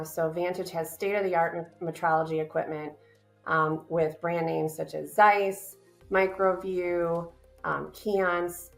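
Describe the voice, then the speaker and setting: A woman's voice: on the low side, creaky. A woman answering interview questions as a company business director, earnest and upbeat, with frequent fillers.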